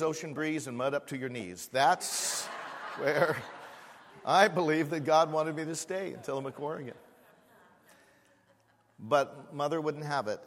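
A male pastor preaches in a church, his voice ringing with a long hall reverb. His delivery is animated: he drives key words home by repeating them, then drops to soft, confiding asides. His pitch sits in a middle range for a man. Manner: animated, swings from loud emphasis to hushed asides. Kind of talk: sermon.

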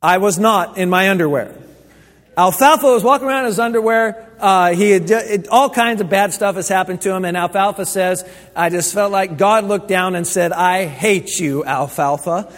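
In a hall with long reverb, a pastor with a high-pitched, slightly bright voice preaches at normal speed. He tells his stories casually and conversationally, restarting often.

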